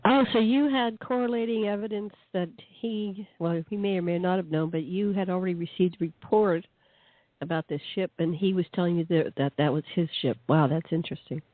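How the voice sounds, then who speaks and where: An interview host reacting to a guest's story with short remarks and summaries. The voice comes through a thin, tinny phone line at a middle pitch. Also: steady tone, a little fast. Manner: chiming in with brief reactions. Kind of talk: casual interview chat.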